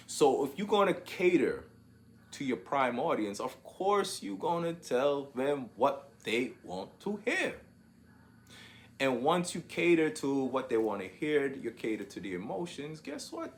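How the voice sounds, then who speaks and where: Brief: unhurried male commentator, higher-pitched, talks in repeats and restarts. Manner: drawn-out, repeats words while searching for the point. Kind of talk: opinion commentary monologue.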